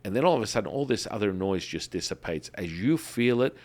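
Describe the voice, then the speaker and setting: Man, lowish voice, podcast host, emphatic and repetitive, animated storyteller. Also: a little fast. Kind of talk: enthusiastic promotional talk.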